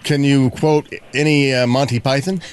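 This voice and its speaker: A man's voice: mid-range voice, steady tone, normal speed, noisy background. A male radio co-host in casual banter, joking and teasing callers.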